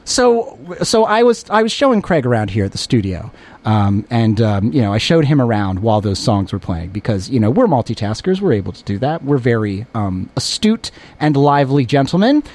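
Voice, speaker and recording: A man's voice: medium pitch, very animated, moderate pace, darkish tone. A male radio host in a studio, joking and bantering playfully with a co-host, often stumbling over his words. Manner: playful, self-mocking, stumbling restarts.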